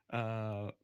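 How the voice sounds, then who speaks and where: A man's voice: on the low side, a little mellow, clear, resonant tone, no echo, clean studio sound. A man casually chatting with his stream viewers, rambling with many fillers. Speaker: player and streamer.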